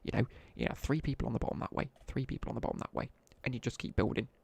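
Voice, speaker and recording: A young British man rambles through cheeky school anecdotes on a live stream, full of slang and asides. His voice is gravelly and husky with a dark, mellow tone. The sound is close and dry. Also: medium pitch, lively intonation, racing, no echo. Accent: British English. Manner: chatty, laddish anecdotes with slang, asides while gaming. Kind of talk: casual live-stream storytelling.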